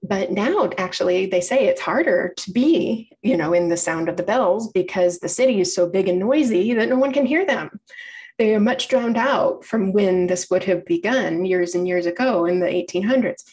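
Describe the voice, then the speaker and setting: A woman presents a library talk in a friendly, conversational way. She explains as she goes, circles back to fix her own wording and keeps things light. Her pitch sits in an ordinary middle range. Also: animated, moderate pace, a little mellow. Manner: chatty, explanatory, frequent self-corrections. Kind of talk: informal public lecture.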